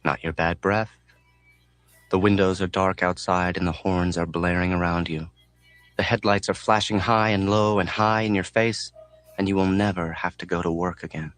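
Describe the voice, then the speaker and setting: Low-voiced man narrating an audiobook. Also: fairly even intonation, moderate pace, fairly bright tone, no echo, soft background music.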